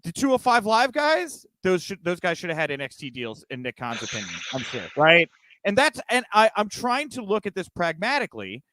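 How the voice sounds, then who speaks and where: A man's voice: sits high, huge pitch swings, brisk, sharp tone, no room sound. A man co-hosting a casual wrestling news podcast, ranting emphatically with lots of restarts. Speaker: podcast co-host.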